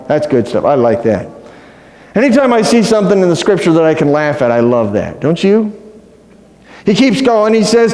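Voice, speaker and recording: Male pastor, conversational, joking sermon; higher voice, church hall with roomy reverb. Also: expressive, brisk, a little mellow. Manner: conversational, asks the congregation questions; playful, self-deprecating humor. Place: church sanctuary.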